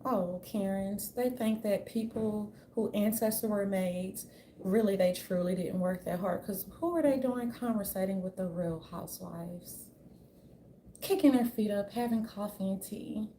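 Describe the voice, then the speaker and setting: A woman's voice: mid-range voice, unhurried, warm tone, a little hiss or hum. A woman vlogger ranting in a casual, blunt way, swearing freely and restarting her sentences as she goes. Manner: blunt, profane, rambling, with many restarts. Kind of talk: casual opinion rant. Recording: roomy echo, faint ambience.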